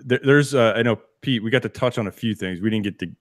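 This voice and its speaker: A man's voice: fairly low pitch, fast, no room sound. A man co-hosting a sports podcast from a home studio, chatting casually and rambling through restarts and laughing asides. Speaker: podcast co-host.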